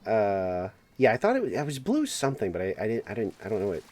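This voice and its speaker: Lively, rambling gamer guy. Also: lowish voice, quick pace. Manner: rambling storyteller, laughs often, acts out quotes. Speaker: streamer. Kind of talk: casual gaming stream chat.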